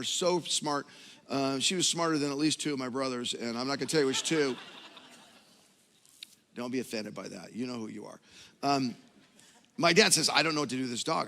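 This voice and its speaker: A middle-aged male pastor preaching a sermon, telling a personal story with self-mocking humor and building to loud, emphatic peaks. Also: medium pitch, in a large hall. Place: church auditorium.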